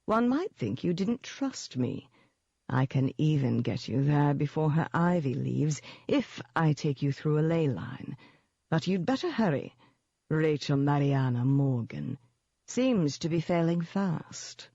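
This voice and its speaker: An audiobook narrator voicing a cultured, menacing gentleman demon who speaks slowly and smoothly, with a taunting edge. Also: medium pitch, expressive, no echo, lo-fi sound. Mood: silky menace. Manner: slow, smooth, taunting delivery. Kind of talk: audiobook character voice.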